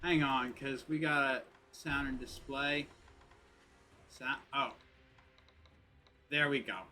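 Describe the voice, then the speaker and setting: Bright-voiced joking game streamer man. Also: medium pitch, fairly even intonation, slow pace. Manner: chatty, joking, mock French asides. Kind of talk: casual live-stream commentary.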